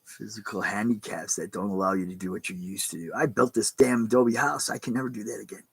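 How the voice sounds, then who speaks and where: A man's voice: on the low side, fast talker, creaky, slightly rough, no echo, rough recording. A man, a pastor, giving a casual, rambling sermon in plain spoken words with some mild cursing. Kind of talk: casual streamed sermon talk.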